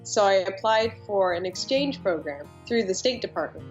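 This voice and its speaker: A woman's voice: medium pitch, expressive, moderate pace. A teenage girl answering interview questions in an earnest, upbeat way. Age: teens. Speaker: scholarship candidate. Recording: dull lo-fi sound with faint music.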